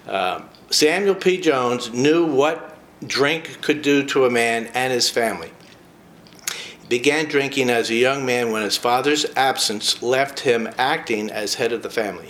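A man's voice: medium pitch, fairly bright tone, slight background noise. A man in a casual talk, reading a short biography aloud and breaking off for chatty personal asides. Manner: chatty, with frequent personal asides between read passages.

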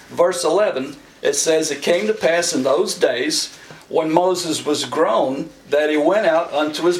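A middle-aged man preaching a sermon in a folksy, humorous way, chuckling often and acting out the characters he quotes. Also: high voice. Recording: echoey room from far off with faint noise.

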